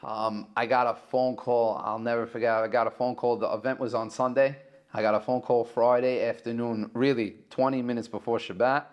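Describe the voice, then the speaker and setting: A man with a New York accent, a caterer telling a story as a podcast guest and acting out the dialogue in excited, raised voices. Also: medium pitch, brisk, lo-fi sound. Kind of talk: animated storytelling.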